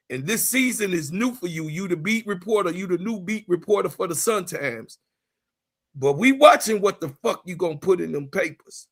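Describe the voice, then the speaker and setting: A man in his fifties with a gravelly edge and a bright, forceful tone hosts a livestream. He rants hard and swears a lot, repeating his lines and pushing up into shouts. His voice sits a little high for a man. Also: animated, normal speed. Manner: profane, repetitive, raises voice into shouts. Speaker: sports channel host. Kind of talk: heated livestream rant.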